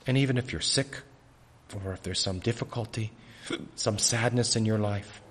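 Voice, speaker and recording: Preacher, male, lowish voice, earnest and halting, hiccups throughout, raw throat. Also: fairly bright tone. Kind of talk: sermon.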